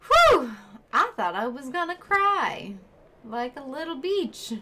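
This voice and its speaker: A woman's voice: sits high, big pitch swings, measured pace, over loud music. A woman streaming herself playing a video game, chatting casually with viewers and friends in the room.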